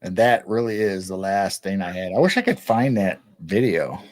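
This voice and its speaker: A man's voice: sits low, expressive, moderate pace. A man in his sixties hosting a live stream, chatting casually in an easygoing, rambling way with chuckles between remarks. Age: 60s. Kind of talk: casual late-night chat.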